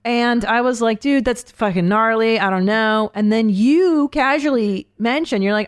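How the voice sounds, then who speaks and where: A woman hosting a casual comedic chat, animated, exclaiming and swearing freely. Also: a little high, a little slow, few pauses, clean tone, no echo, clean studio sound. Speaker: podcast host.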